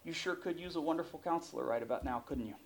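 A man voicing Jesus as a calm, compassionate man, speaking low, soft and measured. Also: close to an everyday voice. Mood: gentle.

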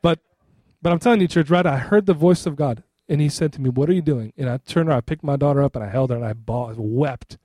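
A middle-aged male pastor preaching in a loose, chatty way, forever asking his church "right?". His voice sits a little high but sounds mellow and soft-edged. The recording is dry and close, with no room echo. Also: quick pace. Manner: conversational, repeats "right?" to the congregation. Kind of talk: sermon.

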